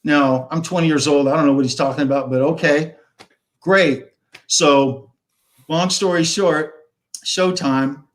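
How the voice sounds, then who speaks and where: A man's voice: a little high, fairly even intonation, unhurried. A man in his fifties, a guest on a live stream, telling a long rock-and-roll story in a rambling way, swearing and acting out the dialogue. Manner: rambling, swears freely, acts out quoted dialogue.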